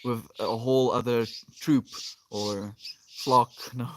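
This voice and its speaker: A man livestreaming from an open field outdoors, chatting casually with his viewers in a meandering, reflective way, his sentences often trailing off softly. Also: mid-range voice, fairly even intonation, slow pace, no echo. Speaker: livestreamer reading chat.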